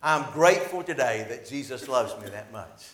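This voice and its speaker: A man preaching a sermon as pastor, telling a story and swelling loud, then dropping soft. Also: medium pitch, animated, normal speed. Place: church sanctuary. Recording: echoey church hall.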